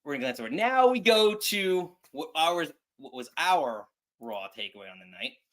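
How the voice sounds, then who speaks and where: A man hosting a casual wrestling chat show, talking in a rambling, halting way with frequent restarts. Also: on the high side, sing-song, a bit bright. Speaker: podcast host.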